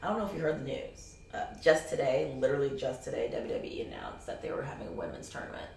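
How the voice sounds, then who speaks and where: A woman's voice: a bass voice, sing-song, fast, creaky, darkish tone, a little hiss or hum. A woman interviewing a guest, playful and talkative in a casual chat. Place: convention hall. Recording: roomy echo from a distant mic.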